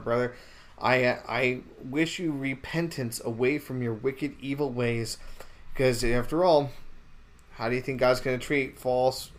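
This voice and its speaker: A man hosting a podcast, talking about faith in a rambling, indignant way with many restarts. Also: mid-range voice. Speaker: podcast host.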